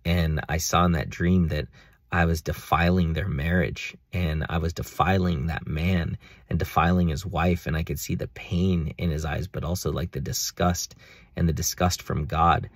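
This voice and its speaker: A man's voice: a bass voice, fairly even intonation, moderate pace, vocal fry, dry recording. A young man talking earnestly in a rambling personal video diary, with many fillers. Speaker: vlogger.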